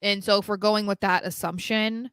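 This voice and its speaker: A woman's voice: medium pitch, steady tone, moderate pace, fairly bright tone, clear, resonant tone, no echo. Chatty woman co-hosting a podcast. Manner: chatty, restarts sentences often. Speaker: podcast co-host. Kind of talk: casual wrestling chat.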